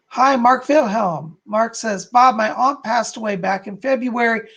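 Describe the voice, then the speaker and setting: A man's voice: very high voice, a little slow, fairly bright tone, dull audio. A man hosting a live stream as a psychic, relaying spirit messages to viewers by name while losing his voice.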